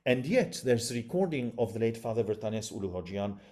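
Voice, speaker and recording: A man's voice: fairly low pitch, expressive, brisk, a little mellow. A man giving a formal academic lecture over a video call, with learned phrasing and frequent hesitant fillers.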